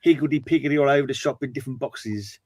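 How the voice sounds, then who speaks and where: A man's voice: mid-range voice, quick pace, a little mellow, no echo. A man in casual chat, curiously asking questions.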